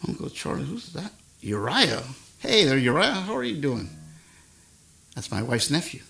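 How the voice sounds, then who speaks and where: An older man hosting his own live stream, chatting with viewers in a rambling, soft-spoken way. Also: a little high, very animated, moderate pace, vocal fry. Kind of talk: casual chat with viewers between songs. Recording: acoustic guitar music behind the voice.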